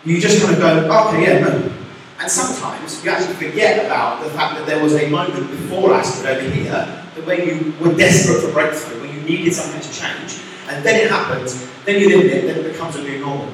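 A man's voice: a little high, fast, a little hiss or hum. A young man preaching a casual, chatty sermon, acting out quotes as he goes. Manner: chatty, animated, acts out quotes. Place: church hall. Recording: echoey hall from far off.

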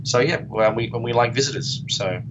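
A man's voice: medium pitch, a little fast, dull audio, noisy background. An Australian man from Perth, chatting as an interview guest in a rambling, self-deprecating way. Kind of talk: casual interview chat.

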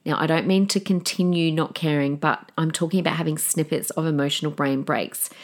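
Aussie lady podcast host, lowish voice, chatty and open, lots of ums. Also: fairly even intonation, fairly quick. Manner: candid and emotional, with fillers and restarts. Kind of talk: casual motivational talk.

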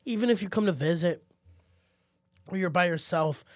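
Animated storytelling man, dry close sound. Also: sits high, moderate pace, no echo. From Austin, Texas. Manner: animated storyteller, acts out quoted voices. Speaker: podcast co-host. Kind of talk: casual chat.

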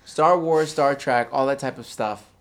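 A man's voice: mid-range voice, a little slow. A man co-hosting a casual chat, opinionated and rambling with lots of restarts. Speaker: podcast co-host.

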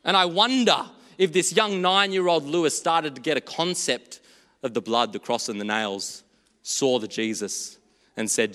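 A man preaching a sermon in a church, earnest and storytelling, moving between hushed and animated delivery. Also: a little high, moderate pace, in a large hall.

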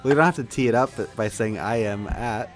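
A young adult co-hosting a podcast in casual chat, making quick jokes and laughing often. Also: medium pitch, faint music behind. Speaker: podcast co-host.

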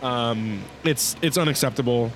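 A man co-hosting a casual sports podcast, dry and sarcastic, often trailing off and stumbling over his words. His voice sits at an ordinary middle pitch. Faint noise hums behind him. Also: a little slow. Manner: dry, sarcastic, hesitant with many fillers. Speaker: podcast co-host.

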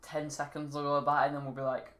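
A man's voice: on the high side, completely flat delivery, a little fast, pushed and bright, slight background noise. A man co-hosting a casual chat, giggling often and rambling, trailing off mid-sentence and restarting his thoughts.

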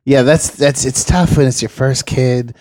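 A man's voice: mid-range voice, steady tone, a little slow, a little mellow, no echo. A man and former teacher on a podcast, blunt and joking while giving advice. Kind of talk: casual podcast chat.

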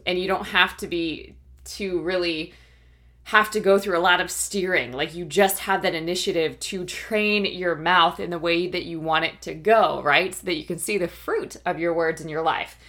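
A woman's voice: lowish voice, moderate pace. A woman giving a faith-based coaching talk, conversational and encouraging, often checking in with her listeners. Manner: conversational, keeps checking in with "right?" and "okay?"; warm, encouraging, laughs now and then. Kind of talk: teaching talk.

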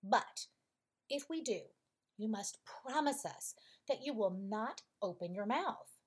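A pair of cautious, matter-of-fact ducks from a storybook, read out by a woman. Their talk is slow and lively in pitch, with a slightly breathy edge. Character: pair of fussy practical ducks.

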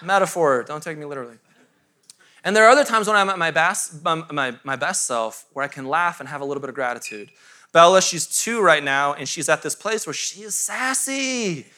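A man's voice: a little high, animated, a little fast, bright, forceful tone. A man in his thirties, a pastor, preaching a sermon to a live congregation in a conversational, self-mocking way with asides to the room.

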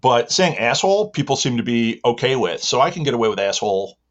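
A man being interviewed, animated and joking as he explains himself. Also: medium pitch, fast talker. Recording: slightly dull lo-fi sound.

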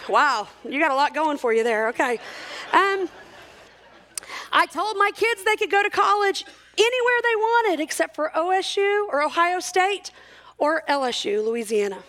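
Very high-pitched joking woman. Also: animated, normal speed, fairly bright tone, a little hiss or hum. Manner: joking, self-mocking, chatty. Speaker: church speaker. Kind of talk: humorous talk at a church service.

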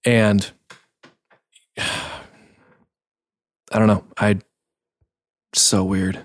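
Halting low-voiced man role-playing. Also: flat delivery, no room sound. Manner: halting, hesitant, many restarts. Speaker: tabletop game player. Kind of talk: in-character role-play.

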